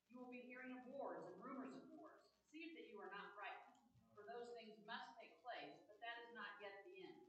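A woman in a class reading a long passage aloud in a steady, careful way. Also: mid-range voice. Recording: echoey room, far from mic.

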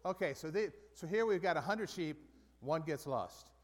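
A man with a slightly high voice leads a Bible study, talking casually and often circling back to repeat a point. The sound rings with a long reverb, as in a large hall. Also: lively intonation, moderate pace. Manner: conversational, with frequent restarts and repeated phrases.

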